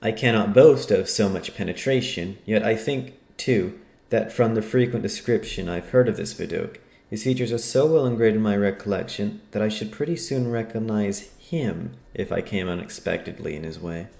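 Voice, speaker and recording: A man's voice: fairly low pitch, normal speed, creaky, darkish tone, roomy sound. A man reading as a sly disguised detective. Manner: cool, offhand.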